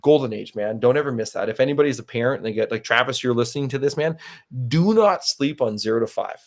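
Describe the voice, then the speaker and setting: A man's voice: medium pitch, fast. A man in his thirties hosting a podcast, talking casually and giving earnest, emphatic advice. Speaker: podcast host.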